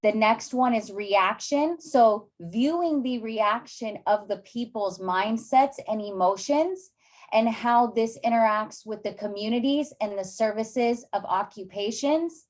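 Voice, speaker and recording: A woman's voice: on the high side, a little slow. A woman hosting a summit session, enthusiastically praising the speakers and instructing listeners through a list of steps. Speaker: summit host.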